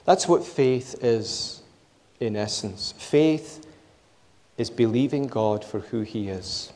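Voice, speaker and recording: Slow, emphatic male preacher in a hall. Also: medium pitch, a little mellow. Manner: measured, emphatic, repeats key phrases. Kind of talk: sermon.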